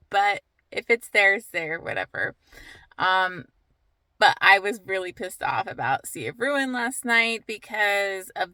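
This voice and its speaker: A woman's voice: medium pitch, bright, forceful tone, dry recording, poor audio. A woman book vlogger at home, giving a candid, heated retelling of a novel in a casual reading vlog, with lots of "like.".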